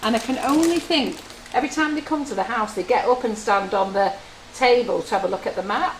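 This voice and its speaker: A chatty woman hosts a live baking demo in a kitchen, her voice sitting a little high. She jokes and teases the viewers between steps. The room is echoey, with a faint hum behind her. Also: a little fast. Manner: chatty, jokey storyteller who teases viewers. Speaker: baker demonstrating on a livestream. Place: home-style kitchen studio.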